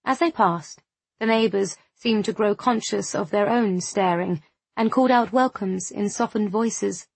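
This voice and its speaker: Woman, audiobook narration, measured, husky, dry. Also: mid-range voice, dry recording.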